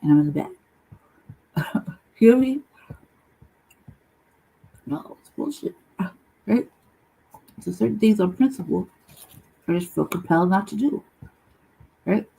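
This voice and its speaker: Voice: medium pitch, lively intonation, normal speed, creaky, pauses often, dark tone, breathy edge, poor audio. A channel host telling a long personal story in a casual, profane, rambling monologue full of slang.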